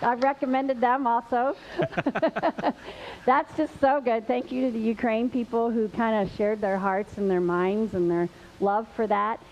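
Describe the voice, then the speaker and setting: High-voiced chatty woman hosting. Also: fairly even intonation, unhurried, a little mellow. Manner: chatty, laughing, a little nervous. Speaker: host. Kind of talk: live church show storytelling. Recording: dull lo-fi with faint hiss.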